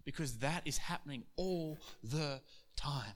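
A male pastor preaching a sermon, telling Bible stories in an animated way and acting out their dialogue. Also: fairly high pitch, measured pace.

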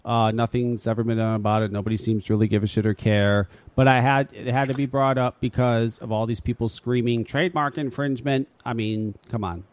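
A man's voice: medium pitch, steady tone, fairly quick, hardly any pauses, no room sound. Chill guy hosting a radio show, swears a lot, dry no-room sound. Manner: laid-back, profane, laughs often. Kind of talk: casual talk radio.

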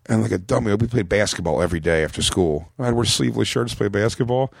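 A man's voice: lowish voice, fast, vocal fry, no echo, clean studio sound. A man in his late thirties from Philadelphia, a comedian telling stories in casual chat, rambling and acting out the people in his stories. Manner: rambling, animated storyteller acting out quotes. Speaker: comedian guest.

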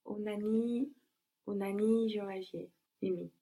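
A woman's voice: mid-range voice, fairly even intonation, takes it slowly, dark tone. A woman answering as a student in a language lesson, careful and a little hesitant.

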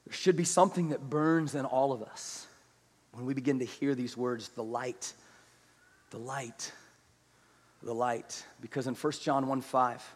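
A man preaching a sermon who moves from hushed, slow scripture reading to loud, rapid exhortation and has the congregation repeat words after him. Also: medium pitch. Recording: long hall reverb.

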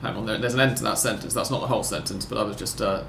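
A man's voice: fairly low pitch, racing, creaky, noisy background. Man, podcast host, rambling, wry self-corrections, roomy sound, faint ambience. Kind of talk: casual football podcast chat.

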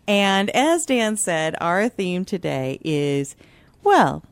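A woman's voice: lowish voice, sing-song, slow, no room sound. A woman hosting a talk radio show, upbeat and chatty, laughing easily.

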